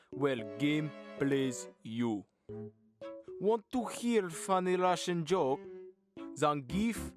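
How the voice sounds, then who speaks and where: A man voicing a hammy Russian game-show host with a deliberately bad accent and slow, broken English. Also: on the high side. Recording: music playing loudly behind.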